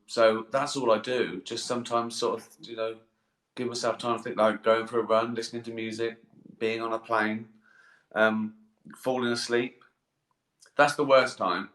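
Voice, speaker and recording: A middle-aged man rambles through fan questions on a live stream. He swears casually and pokes fun at himself, and his voice is bright and forward. The sound bounces around an echoey room. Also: fairly low pitch. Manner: rambling, self-mocking, swears freely, laughs at himself. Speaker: comedian answering fan questions. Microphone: webcam or phone mic.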